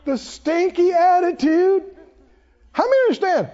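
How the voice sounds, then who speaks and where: A male pastor preaches with call-and-response, his high voice rising and falling animatedly. He speaks slowly and deliberately. A dull, lo-fi recording adds a long hall echo. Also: sing-song, a little mellow. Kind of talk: sermon.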